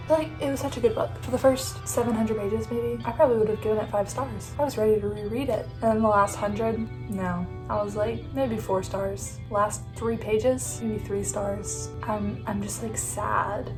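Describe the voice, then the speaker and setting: A young woman vlogging about a book she is reading, often in a hushed whisper, talking in an emotional, expressive way. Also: fairly high pitch, poor audio. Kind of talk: casual reading vlog.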